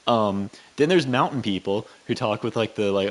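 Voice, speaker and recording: A man with a North Carolina accent in casual chat, talking in a rambling, animated way full of fillers. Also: on the low side, moderate pace, hardly any pauses. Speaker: co-host.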